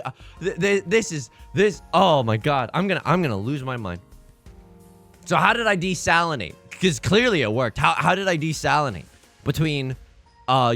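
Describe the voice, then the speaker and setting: A man's voice: on the high side, fairly bright tone. A man hosting a let's play, giving casual, rambling, self-deprecating commentary while he plays.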